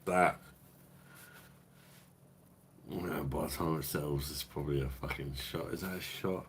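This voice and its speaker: A man's voice: very deep voice, steady tone, moderate pace, a little hiss or hum. A man hosting a casual live stream, tipsy from drinking, rambling and swearing as he chats. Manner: swearing, rambling banter with chat. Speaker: beer review livestream host.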